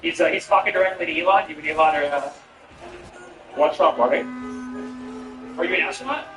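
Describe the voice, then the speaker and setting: A comedian streams a game and chats with viewers, his banter profane, rambling and incredulous. His voice is a bit high and a bit fast, caught off-mic from a distance in an echoey room with music behind him.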